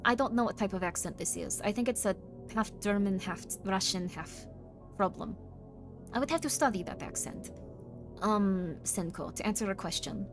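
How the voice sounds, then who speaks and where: A woman streamer putting on a stern voice with a thick mock German-Russian accent, dropping articles and speaking in a flat, deadpan way as she chats with her viewers. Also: mid-range voice, music in the background, natural voice. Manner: drops articles, slow, deadpan menace played for laughs. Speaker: streamer reading chat. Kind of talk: live stream chat.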